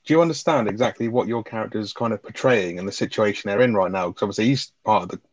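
A man co-hosting a podcast, reading a plot summary and chatting about a film in a relaxed way. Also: on the low side, fast talker, dry recording. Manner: relaxed, laughs, tag questions. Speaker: podcast co-host. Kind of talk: reading a plot summary, then casual chat. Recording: dry, slightly dull mic sound.

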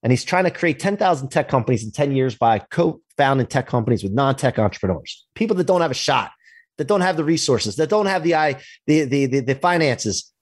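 Man, husky voice, dry close sound, animated storyteller, casual interview guest. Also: medium pitch, brisk, dry recording. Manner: animated, acts out quoted dialogue, swears casually. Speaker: podcast guest, entrepreneur.

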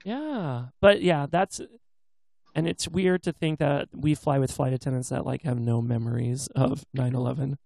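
Gravelly-voiced man telling a story. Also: medium pitch, normal speed, darkish tone, no echo. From US West Coast. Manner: rambling storyteller, imitates voices. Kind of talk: casual chat.

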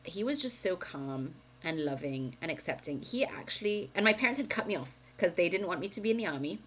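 A woman's voice: on the low side, lively intonation, fairly quick, a bit bright, slight background noise, low-quality recording. A woman in her thirties, co-hosting a podcast and candidly telling a personal story in casual chat, full of "like" and "um". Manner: candid, chatty storytelling with frequent "like" and "um". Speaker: podcast co-host.

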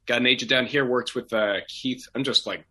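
A young adult man from Oregon, a voice actor telling his backstory in a relaxed, rambling way full of fillers and restarts. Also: mid-range voice, fairly quick, husky. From Portland, Oregon. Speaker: voice actor guest. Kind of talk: casual interview chat.

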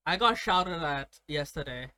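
A man's voice: on the high side, expressive, a little slow, bright, forceful tone, clear, resonant tone. A young man from India telling stories in casual profane chat, laughing often. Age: young adult.

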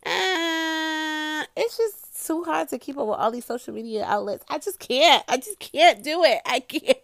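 A woman's voice: sits high, sing-song, moderate pace, gravelly, dry recording, clean studio sound. A woman hosting her own podcast, chatting casually and swearing freely as she talks straight to her listeners. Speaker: podcast host. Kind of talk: casual solo podcast chat.

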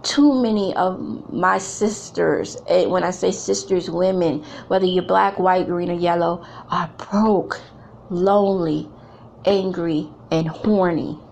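Middle-aged woman, gravelly voice, blunt and emphatic, bit of faint room noise behind. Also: lowish voice, steady tone, takes it slowly, darkish tone. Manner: blunt, emphatic, repeats phrases for effect. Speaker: speaker addressing women. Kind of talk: candid motivational talk.

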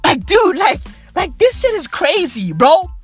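A man's voice: extremely high pitch, huge pitch swings, a little slow, soft background music. A man ranting casually and profanely, rambling and repeating himself. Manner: rambling, repetitive, heavy swearing. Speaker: vlogger.

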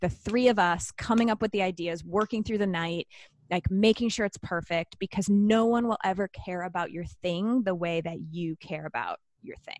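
Brief: woman in her thirties, podcast co-host, chatty and profane, slightly low, dry close sound. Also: normal speed, no echo. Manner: chatty, swearing, animated storytelling with quoted voices. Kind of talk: casual chat.

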